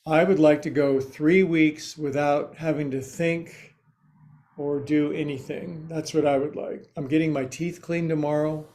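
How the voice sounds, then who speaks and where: Slow-talking joking male yoga teacher. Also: a little high, flat delivery, a little mellow. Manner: slow and joking, with quirky asides. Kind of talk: guiding a yoga class.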